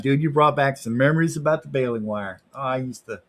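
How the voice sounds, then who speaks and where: A man's voice: mid-range voice, a little fast, few pauses, no room sound. A man chatting on a live art stream, rambling and joking playfully. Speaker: livestreaming artist. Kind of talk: casual stream chat.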